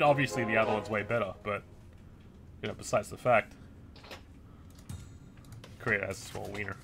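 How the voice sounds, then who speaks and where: A man streaming a strategy game, commenting live with excitable, crude, gloating trash talk and bursts of shouting. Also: mid-range voice, creaky, noisy background. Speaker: gaming streamer.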